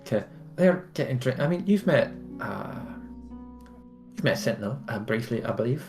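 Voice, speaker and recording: A man's voice: medium pitch, expressive, normal speed, creaky. Man player with music behind. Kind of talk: voicing a character at a tabletop game.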